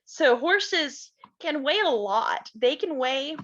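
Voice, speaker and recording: A woman reading a storybook aloud to children, stopping to explain things gently to her young listeners. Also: high-pitched, expressive, slow pace, muffled recording.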